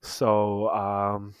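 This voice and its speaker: A man's voice: lowish voice, very slow, clean tone, dry recording. A man co-hosting a casual gaming podcast, laughing often and hesitating as his sentences fade out. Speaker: podcast co-host. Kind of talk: casual gaming news chat.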